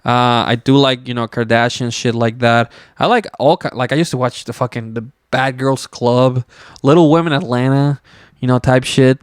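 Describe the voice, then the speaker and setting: Smooth-voiced man rambling on a podcast. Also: medium pitch, moderate pace, dry recording, studio quality. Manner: rambling, loose, filler-heavy and swearing. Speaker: podcast host. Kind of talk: casual solo podcast chat.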